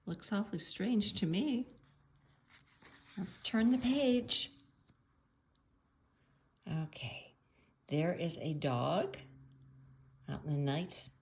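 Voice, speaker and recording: A woman with a lowish voice reads a picture book aloud to children at home. She's playful and chatty, stopping now and then to ask the listener questions.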